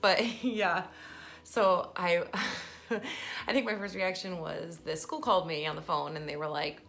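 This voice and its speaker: A woman's voice: fairly low pitch, fairly even intonation, a little slow, fairly bright tone. A woman in her thirties vlogging casually about her daughter, chatty and emotional, often breaking into laughter. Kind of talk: casual personal vlog.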